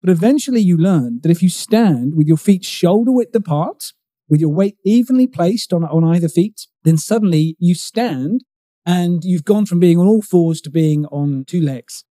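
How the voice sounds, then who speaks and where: A man's voice: sits high, animated, moderate pace, warm tone, no room sound, studio quality. A middle-aged man, a guest in an interview, explaining ideas expressively and stressing key words. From United Kingdom. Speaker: guest, communication coach. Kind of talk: conversational interview.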